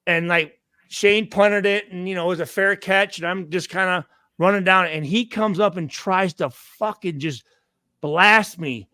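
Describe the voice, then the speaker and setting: A man, a former football player, telling profane stories in casual chat and acting out loud reenactments. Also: high voice, a little slow, clear, resonant tone, dry recording, studio quality.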